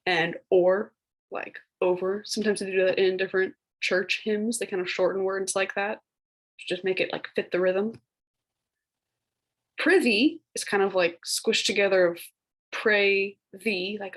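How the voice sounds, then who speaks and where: A young woman teacher talks her class through a recorded lesson, loose and chatty, full of filler words. Her voice has a husky, slightly breathy grain at a middle pitch. Now and then she slips into playful, mock-fancy voices. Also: fairly even intonation, unhurried, rough recording. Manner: casual, chatty, many "like" fillers; puts on playful voices for old phrases.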